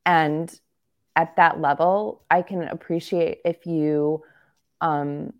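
Woman, low voice, gravelly fry, candid and joking, casual sports podcast chat. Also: steady tone, takes it slowly, highs cut off. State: slight cough. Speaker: podcast co-host.

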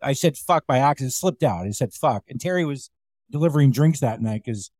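A man hosting a podcast, telling comedy-club stories in a casual, animated way and acting out the voices of the people he quotes. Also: medium pitch, fairly quick, dry recording, clean studio sound. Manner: animated, acts out quotes in a raised voice. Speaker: podcast host. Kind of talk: casual storytelling chat.

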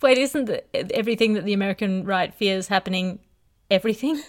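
A woman's voice: medium pitch, quick pace. A woman hosting a comedy panel podcast, quizzing guests with dry, wry quips. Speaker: podcast host.

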